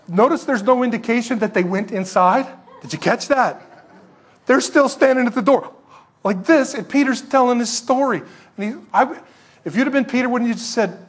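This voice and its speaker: A man with a high, husky voice preaches from the pulpit as pastor. He works through the passage like a lively storyteller, tossing rhetorical questions at his listeners. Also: normal speed. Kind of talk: expository sermon.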